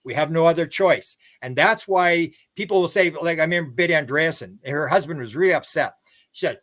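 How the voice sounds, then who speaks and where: Rambling, higher-pitched man telling stories. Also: lively intonation, brisk, fairly bright tone. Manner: rambling, many restarts and repeated words; acts out quoted dialogue with a livelier pitch. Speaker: interview guest, author. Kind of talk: casual storytelling on a live stream.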